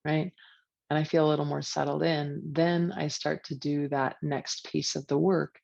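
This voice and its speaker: Woman talking you through a meditation, flat steady voice, bit gravelly, kinda dull lo-fi sound. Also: sits low. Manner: relaxed, chatty with fillers. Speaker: yoga and meditation teacher. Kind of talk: guided meditation.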